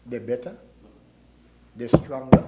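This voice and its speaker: A man's voice: medium pitch, slow pace, dark tone. A man with a Kittitian accent giving a folksy, teasing parliamentary budget speech as a government minister. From Saint Kitts and Nevis. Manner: folksy, teasing, joking with colleagues. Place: parliament chamber. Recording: roomy echoing chamber.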